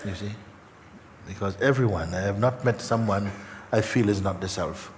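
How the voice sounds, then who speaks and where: A man giving a gentle spiritual talk to an audience, slow and halting, with many fillers and repeated words, emotional at times. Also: lowish voice, slight background noise. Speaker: spiritual teacher. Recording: hall reverb, faint ambience.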